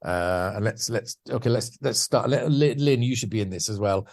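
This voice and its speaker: Chatty English actor telling stories. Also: male voice, lowish voice, normal speed, creaky, a little mellow. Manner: chatty, self-deprecating, frequent restarts, acts out quotes. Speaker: podcast guest, actor. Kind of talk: anecdotal interview storytelling.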